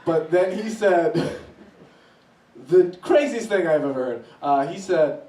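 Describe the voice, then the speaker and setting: A man doing stand-up, telling a story with lively swings in his voice as he acts out reactions. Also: slow, a little hiss or hum. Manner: animated, voices swing high when acting out reactions. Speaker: stand-up comedian. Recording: echoey room from a distance.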